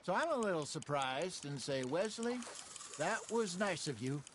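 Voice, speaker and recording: A man's voice: a little high, big pitch swings, moderate pace, a bit bright, slight background noise. An actor playing a male outlaw who tells dry, wry fishing stories in a video game. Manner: dry, wry anecdotal delivery.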